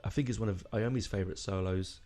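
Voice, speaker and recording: A man's voice: fairly low pitch, fast, darkish tone. A man hosting a casual music podcast, rambling and emotional, with lots of fillers and restarts. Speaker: podcast host.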